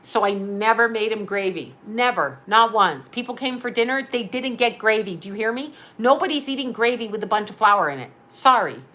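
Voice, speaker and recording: A woman's voice: medium pitch, expressive, brisk, few pauses, bright, forceful tone. A middle-aged woman rambling through a casual storytelling monologue as host, chatty, laughing often and acting out what others said.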